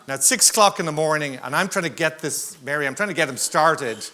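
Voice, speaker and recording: A man's voice: a little high, animated, fast, bright, forceful tone. A man moderating a conference panel, telling a humorous anecdote to the audience. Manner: joking, anecdotal. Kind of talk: conference storytelling. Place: conference hall stage.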